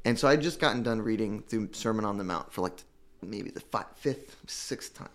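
A man giving an emotional personal testimony about recovery, earnest and halting, with many restarts. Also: fairly low pitch, animated. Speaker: guest telling his recovery story.

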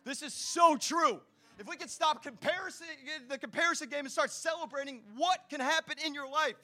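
High, bright-voiced energetic preacher man. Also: fairly quick. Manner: energetic, preaching straight to the congregation; casual slang mixed into preaching. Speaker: pastor. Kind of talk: sermon.

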